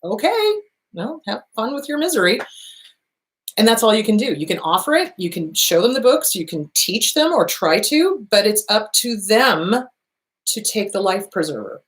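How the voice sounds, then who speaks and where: A middle-aged woman speaks as a therapist, answering listener questions one after another. Her delivery is blunt and lively, with casual swearing and frank advice. Her voice sits at an ordinary middle pitch. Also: normal speed. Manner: blunt, animated, swears freely, reads questions aloud. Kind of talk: casual advice talk show.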